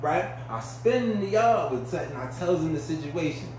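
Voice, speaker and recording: A man from Brownsville, a podcast guest telling prison stories in a casual, animated way and acting out the voices. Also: fairly high pitch, moderate pace, music in the background. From Brownsville, New York. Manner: animated, acts out voices in his stories, keeps checking in with the listener. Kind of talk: casual storytelling. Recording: echoey room, distant mic, faint noise.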